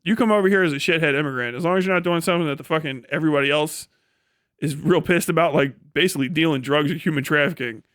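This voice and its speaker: A man's voice: fairly high pitch, fast, a bit bright, no room sound, clean studio sound. A man from Ohio ranting in a heated, profane, laughing style on a casual live stream. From Ohio, USA.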